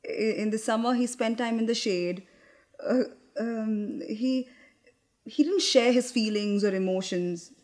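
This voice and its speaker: A young actress performing a theatrical monologue in a candid, confiding, wry manner, with hesitant restarts. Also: female voice, a little high, a little slow, darkish tone.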